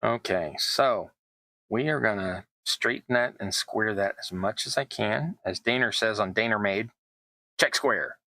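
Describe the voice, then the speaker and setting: A middle-aged terrain-crafting YouTuber chats casually while building tabletop terrain, rambling and poking fun at himself. His voice is lowish and sharp, a little slow, on a dry, poor-quality recording.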